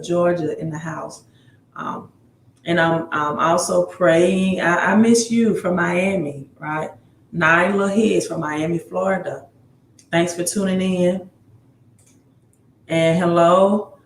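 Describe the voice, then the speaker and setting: A man's voice: sits high, a little hiss or hum. A man hosting a casual livestream on credit advice. He greets viewers by city, reads their comments aloud and reads news items aloud, often adding "right?", and he sounds tired. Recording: roomy room with faint ambience.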